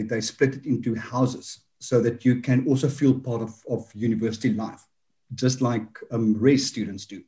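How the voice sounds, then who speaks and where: A man's voice: mid-range voice, warm tone, slightly rough. A South African man from Johannesburg, an Afrikaans speaker, hosting a podcast and chatting with a guest in a self-deprecating, storytelling way. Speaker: podcast host. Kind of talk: podcast interview.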